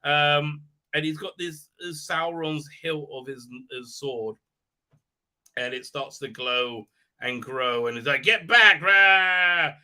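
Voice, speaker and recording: A man's voice: medium pitch, steady tone, takes it slowly, pushed and bright. A man hosting a live stream, giving a sarcastic, rambling recap with many "uh, uh" hesitations and sneering asides.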